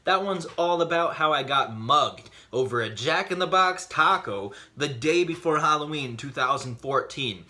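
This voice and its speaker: A man vlogging, telling a funny personal story in an animated, joking way with quick bursts of speech. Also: on the high side.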